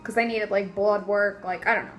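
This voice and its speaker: A young woman telling a story casually in a vlog, animated and profane, full of fillers, sore after surgery. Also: mid-range voice, brisk, soft background music, rough recording. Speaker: vlogger.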